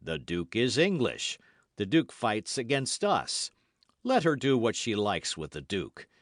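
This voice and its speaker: A man voicing a cool, unflappable aristocratic male musketeer who speaks in a calm, stately, ironic way. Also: lowish voice, a little slow, dry recording, studio quality.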